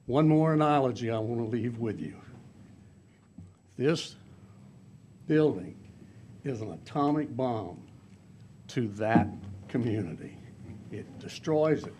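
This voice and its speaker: A man's voice: mid-range voice, warm tone, slight background noise. A middle-aged man, giving blunt, emphatic public comment at a zoning meeting. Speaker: resident speaking at public hearing.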